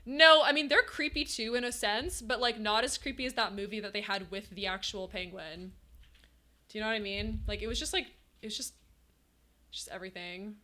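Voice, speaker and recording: A young woman streaming live, chatting casually with her viewers, animated and laughing often. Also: medium pitch, a little fast.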